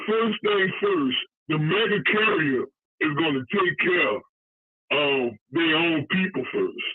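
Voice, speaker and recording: A man with a husky, slightly higher voice calls in over a tinny phone line. He explains things earnestly and step by step, circling back to repeat key points. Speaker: caller. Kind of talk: call-in commentary.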